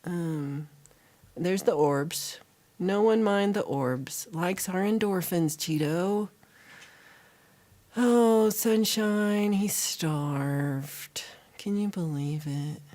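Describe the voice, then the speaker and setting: A woman's voice: lowish voice, dark tone. A woman hosting a livestream, chatting casually and teasingly with her viewers. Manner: playful, teasing, drawn-out delivery. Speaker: livestream host. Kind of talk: casual chat with live viewers. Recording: music playing behind.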